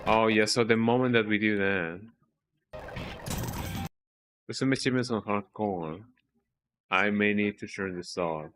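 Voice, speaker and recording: A man streaming a video game live, talking to himself in a worried, halting way and yawning now and then. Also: on the low side, a bit bright, slight background noise. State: sleepy, yawning. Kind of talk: casual live gameplay commentary.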